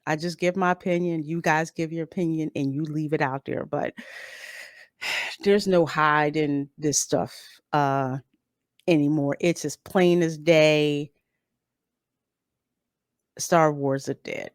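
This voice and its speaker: Her voice is low-pitched and steady, slow, with frequent pauses, captured clean in a studio with no room sound. Reading live chat on her YouTube channel, she reviews things bluntly, opinionated and casual, hammering her points home by saying them again.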